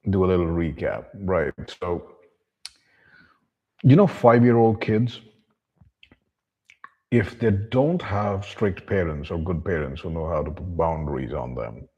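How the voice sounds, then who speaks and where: A deep, husky male voice carries a blunt, profane rant to camera. He keeps referring to himself in the third person with open contempt, and the recording sounds slightly muffled and lo-fi. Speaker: vlogger. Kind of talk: monologue to camera.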